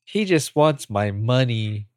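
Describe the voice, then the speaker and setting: A man's voice: mid-range voice, lively intonation, takes it slowly, a little mellow, no room sound, studio quality. A man co-hosting a podcast, reading a script aloud in a casual way and making joking, self-deprecating asides. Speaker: podcast co-host. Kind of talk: casual table read and banter.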